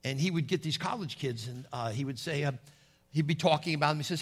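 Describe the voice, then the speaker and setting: A man's voice: fairly high pitch, quick pace. A middle-aged man preaching a sermon in a folksy storytelling way, calling out to his congregation.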